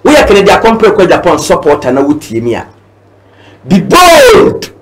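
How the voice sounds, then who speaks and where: A man with a Ghanaian accent speaks out as a guest in a fiery, declaiming way, moving between languages. His voice sits unusually high for a man. The room around him rings with echo. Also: huge pitch swings, normal speed, crowd noise. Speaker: guest, party supporter. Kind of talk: impassioned political talk.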